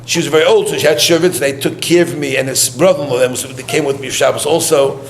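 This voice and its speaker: Speaking fast with fairly even intonation and a voice on the high side, a man gives a eulogy in a gathering room during mourning visits. He shares chatty personal stories, laughs often, and drops in Yiddish and Hebrew words, all captured in a roomy hall with faint background noise.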